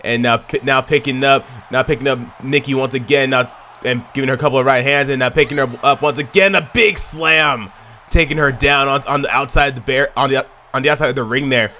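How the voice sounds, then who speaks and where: Bright-voiced excitable man calling wrestling. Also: medium pitch, fairly quick, slight background noise. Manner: excitable, shouts at near-falls; chatty, addresses viewers as y'all. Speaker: video game commentator. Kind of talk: play-by-play wrestling commentary.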